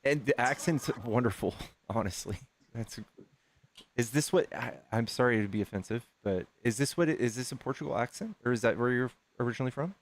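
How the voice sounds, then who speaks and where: A man with an expressive, medium-pitched voice hosts a casual debate stream, speaking a little fast. He sounds hesitant and loose, with lots of fillers and restarts.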